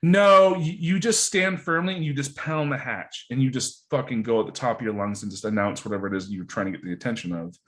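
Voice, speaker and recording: A man guesting on a podcast, telling stories in casual, profane, animated chat. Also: medium pitch, fairly quick, few pauses.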